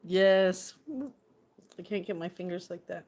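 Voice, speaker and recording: A woman's voice: on the low side, flat delivery, measured pace, darkish tone. Chatty woman hosting a casual livestream. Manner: chatty and playful, thanking viewers. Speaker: livestream host.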